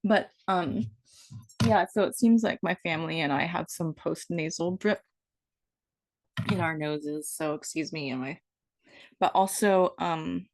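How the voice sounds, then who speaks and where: A woman's voice: lowish voice, unhurried, creaky, long pauses, a little mellow. A woman in her fifties talking in an improvised, rambling monologue, playful and self-mocking as she wanders from one thought to the next. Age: 50s. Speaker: vlogger.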